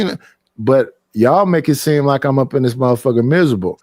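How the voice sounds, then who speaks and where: A man's voice: medium pitch, fast talker, darkish tone, no echo, clean studio sound. A man on a casual podcast, telling stories animatedly and acting out other people with a raised voice, swearing freely. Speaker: podcast host. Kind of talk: casual chat.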